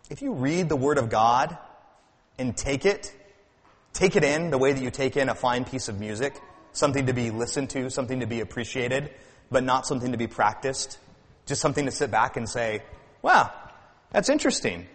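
A man's voice: medium pitch, normal speed, long pauses, in a large hall. A man preaching a sermon as pastor, earnest, with rising and falling emphasis and frequent repeated words.

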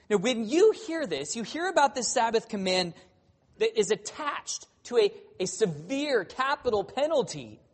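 A preacher giving a sermon, earnestly addressing the congregation with questions and alternating raised and hushed emphasis. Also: mid-range voice.

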